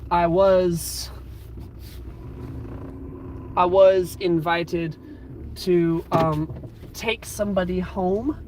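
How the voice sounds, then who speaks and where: A man's voice: sits high, a little hiss or hum. A man in his twenties hosting a casual live stream from inside his car. He rambles in an upbeat way, with plenty of fillers, and talks to his viewers through a phone. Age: 20s. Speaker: livestream host.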